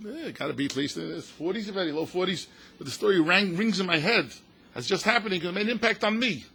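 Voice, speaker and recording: Slight background noise accompanies this older man's somewhat high voice, which carries vocal fry. He's a rabbi from the United States telling stories passionately at a synagogue event hall, animating quotes and dropping in Yiddish and Hebrew terms.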